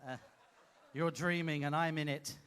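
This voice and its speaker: A man hosting a live comedy show, teasing an audience member in a playful, loud way. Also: a little high, steady tone, moderate pace, clear, resonant tone. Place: cruise ship theater stage.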